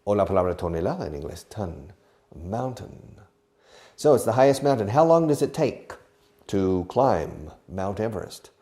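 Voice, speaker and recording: Male English teacher, low-ish mellow voice, animated, digressive classroom patter with Spanish asides. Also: fairly quick. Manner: chatty, digressive, asks and answers his own questions. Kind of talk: filmed English lesson for Spanish speakers. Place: filming studio with a camera operator.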